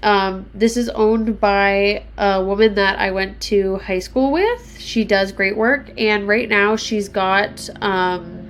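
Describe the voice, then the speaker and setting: A woman's voice: mid-range voice, takes it slowly, hardly any pauses. Woman in her twenties, solo podcast host, loose and chatty, swears a lot, self-mocking. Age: 20s. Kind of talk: casual solo podcast chat.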